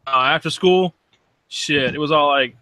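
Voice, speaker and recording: A man's voice: fairly high pitch, a little slow, bright, forceful tone, no echo. A man in his late thirties in a casual podcast chat, chiming in with short, dry remarks. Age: 30s.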